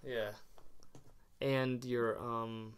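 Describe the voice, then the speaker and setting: A man's voice: medium pitch, level tone, drawn-out words, clean tone. A man co-hosting a podcast in casual chat, joking, rambling and laughing often at his own jokes. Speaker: podcast co-host.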